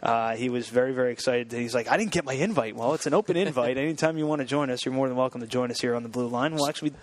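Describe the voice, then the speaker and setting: A man's voice: mid-range voice, dry recording. A man hosting a casual school sports radio show, talking loosely with many fillers and restarts. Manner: chatty, halting with many fillers. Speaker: station manager and show host.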